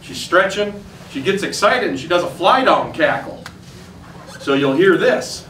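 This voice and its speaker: Speaking to hunters outdoors, this Upper Midwest man teaches turkey hunting in a plain, folksy way, one step at a time. His fairly high voice is animated, pushed and bright, moving at a measured pace. Heard from a distance in a roomy space, the recording carries faint ambience and a little hiss or hum.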